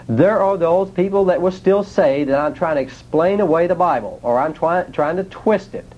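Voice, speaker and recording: A man's voice: a little high, a little mellow, lo-fi sound. A man teaching a sermon in a plain, folksy way, asking his listeners rhetorical questions. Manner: nonstandard grammar, folksy speech. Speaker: preacher.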